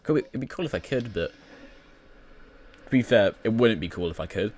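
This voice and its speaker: A man's voice: lowish voice, expressive, fairly quick, a little mellow. A British man who is a YouTuber, rambling through casual gaming commentary full of fillers and restarts.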